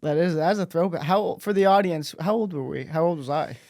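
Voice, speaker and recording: A man in his twenties hosting a relaxed interview chat, laughing easily. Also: on the high side, fairly quick, no echo, studio quality. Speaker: host.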